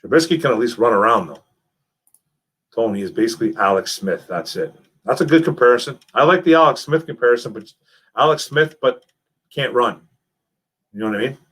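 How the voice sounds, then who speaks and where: A young man hosting a casual live stream, reading chat messages and talking football in a lively, repetitive way, calling people man and bro. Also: medium pitch, a little fast, long pauses, husky. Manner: animated, repeats himself, calls people man and bro.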